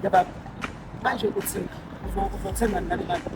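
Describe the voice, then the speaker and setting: With music in the background and a very noisy recording, a high-voiced young South African host briskly hypes contestants on his outdoor street challenge. He's playful and teasing throughout.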